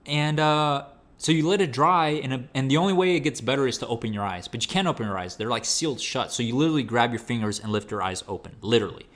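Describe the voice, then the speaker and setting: A man's voice: medium pitch, expressive, fast, a bit bright. A man hosting a show, telling a story in casual slang and acting out his own reactions. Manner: slangy, many fillers like "like" and "bro". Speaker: podcast host.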